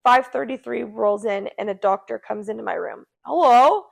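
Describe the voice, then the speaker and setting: A woman's voice: medium pitch, moderate pace, creaky. A young woman co-hosting a podcast, telling a story casually and acting out the people in it. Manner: animated, acts out quoted voices. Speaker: podcast co-host.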